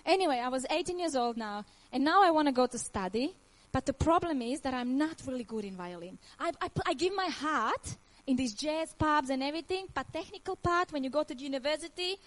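A high-voiced woman in her thirties speaks with a Croatian accent, giving her personal faith testimony. Her English is nonnative and earnest, and laughter breaks in often as she speaks with feeling. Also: expressive, fairly quick, few pauses, poor audio.

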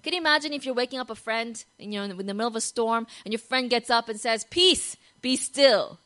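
Woman with a sharp bright voice giving a devotional talk, keeps asking "right?", goes from hushed to loud and excited. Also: fairly high pitch, quick pace, rough recording. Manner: animated storyteller who often asks "right?". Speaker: Christian devotional speaker. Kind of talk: devotional talk with Bible storytelling.

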